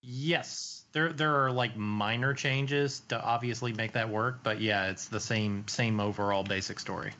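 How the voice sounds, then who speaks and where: Bright-toned man explaining things. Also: lowish voice, steady tone, measured pace, hardly any pauses, muffled recording, slight background noise. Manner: explains patiently, easygoing. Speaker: podcast co-host. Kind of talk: casual chat.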